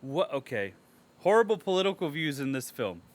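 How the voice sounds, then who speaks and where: A man's voice: fairly high pitch, sing-song, normal speed. A man co-hosting a casual podcast movie review, reading a review aloud and ranting at it with sarcastic, profane outbursts. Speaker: podcast co-host.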